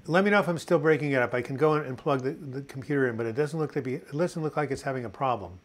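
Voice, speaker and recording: This chatty American host, a man in his sixties, runs a relaxed live-stream on mental health. He reads viewer comments aloud and loves corny jokes and puns. His mid-pitched voice moves fast.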